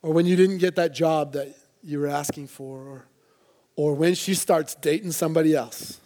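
A man's voice: a little high, fairly even intonation, moderate pace, warm tone. A man preaching a sermon to a church congregation, earnest and conversational, with playful asides. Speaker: pastor.

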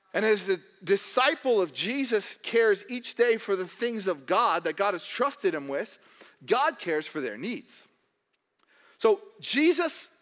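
A young man preaching a sermon in a church hall, joking and animated, putting on mock voices of doubters. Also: extremely high pitch. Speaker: pastor.

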